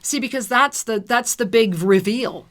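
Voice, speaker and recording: Bright, effusive spiritual radio woman. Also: a little high, normal speed. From New Jersey. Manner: effusive, sing-song, laughs often. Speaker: radio show co-host and intuitive reader. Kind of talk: spiritual talk radio with caller readings.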